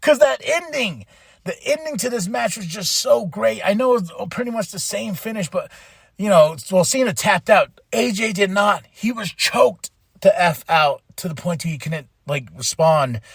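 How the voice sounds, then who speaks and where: A man's voice: fairly high pitch, no echo. Emotional man recapping on a podcast. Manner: emotional, rambling with many restarts. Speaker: podcast host.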